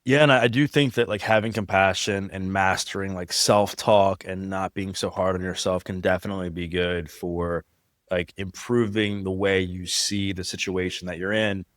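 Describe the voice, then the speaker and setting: Very deep-voiced male podcast host. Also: fairly even intonation, moderate pace, fairly bright tone, dry recording, studio quality. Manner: casual, filler-heavy questioning. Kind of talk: conversational interview.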